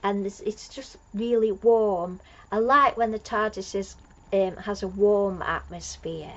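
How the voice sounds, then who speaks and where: A woman talks through a fan review in an unhurried, rambling way, full of fillers and excited restarts. Her voice sits at an ordinary middle pitch for a woman. The recording is muffled and lo-fi. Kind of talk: casual episode recap.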